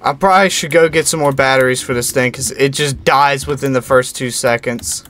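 A young man playing a horror game and commenting as he goes, reading on-screen text aloud in a slow low voice and yelping and shouting at the scares. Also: steady tone, slight background noise. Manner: jumpy, yelps and shouts at scares. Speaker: gaming YouTuber.

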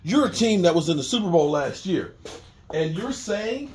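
Animated man riffing on football. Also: sits high, moderate pace, echoey room, a little hiss or hum. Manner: animated, repetitive, conversational. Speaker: sports commentator. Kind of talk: casual sports talk monologue.

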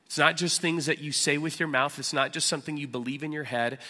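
Man, pastor, sermon, forceful bright voice, animated preaching, long church-hall reverb. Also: on the high side, quick pace. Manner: animated preaching, swings from loud acted outbursts to a hushed prayer. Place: church sanctuary.

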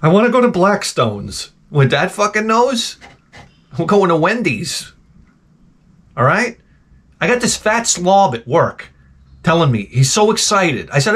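A man's voice: sits high, very animated, measured pace, long pauses, a bit bright, slightly rough. A middle-aged man hosting a retro game channel, rambling through a blunt, profane comedic rant full of wisecracks.

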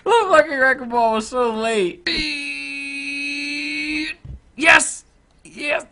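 A gamer giving let's-play commentary, swearing, yelling and laughing at the game. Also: sits high, slow pace.

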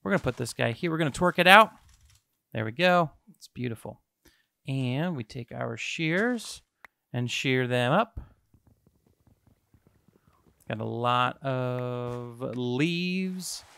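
A young man giving excitable, self-mocking let's-play commentary to his viewers as a gaming YouTuber. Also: mid-range voice, normal speed, vocal fry.

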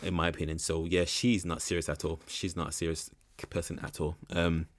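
A man's voice: sits low, level tone, brisk. A young man giving rambling, frank commentary in a casual reaction video. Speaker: reaction channel host.

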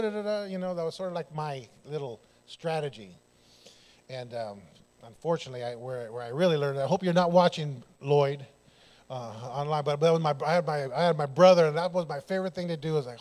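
A man preaching a church sermon, telling personal stories in an animated way and acting out the dialogue. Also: on the high side, fast. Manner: animated, loud bursts, laughing, acts out dialogue. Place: church sanctuary.

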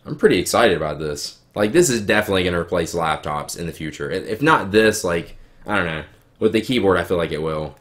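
A young man with a Southern US accent, a little sick, rambling excitedly through a live unboxing at home. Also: deep voice, fast. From American South. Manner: rambling, filler-heavy, excitable. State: sick, coughing. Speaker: YouTuber. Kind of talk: live-streamed unboxing chat. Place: home room, girlfriend nearby. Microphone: webcam.

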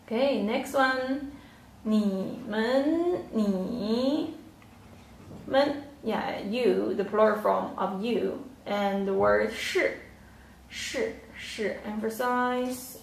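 A woman teaching a slow online Chinese lesson, patiently repeating words and filling pauses with "yeah" and "okay". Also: a little high, gravelly, distant mic, slight background noise. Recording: echoey room, off-mic.

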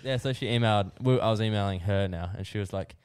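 Low-voiced young Australian man. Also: fast, darkish tone, clean tone, no room sound, clean studio sound. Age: young adult. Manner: rambling storyteller, swears freely, laughs mid-sentence. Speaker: podcast co-host. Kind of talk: casual chat.

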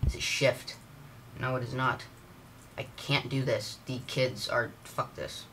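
A man's voice: medium pitch, flat delivery, a little slow, vocal fry, bright, forceful tone, slight background noise. A young man doing casual gameplay commentary, swearing and blowing up at a frustrating game. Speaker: gaming YouTuber.

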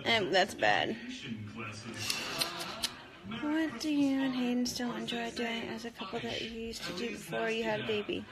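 A woman's voice: on the high side, lively intonation, normal speed, pauses often. A young woman chatting casually on a live-stream Q&A from home into a phone held at arm's length, giggling and swearing as she reacts. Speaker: reality TV personality hosting a live Q&A.

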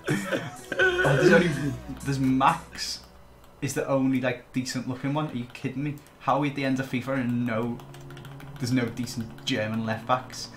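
A man's voice: medium pitch, lively intonation, unhurried, pauses often, over music. Teasing man commentating a game. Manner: teasing, joking banter. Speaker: guest YouTuber. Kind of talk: casual gaming commentary.

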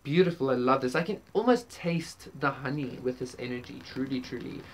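A woman's voice: a bass voice, fairly quick, slight background noise. A woman doing a casual tarot reading, rambling with many fillers and casual swearing. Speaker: tarot reader. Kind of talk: casual spiritual reading to camera.

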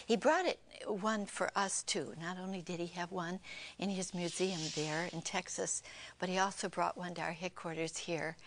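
An older woman tells a personal testimony to a television audience in a fairly low voice. She speaks with heartfelt emotion and often sinks to an unvoiced whisper. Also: a little hiss or hum. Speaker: co-host of a Christian television program.

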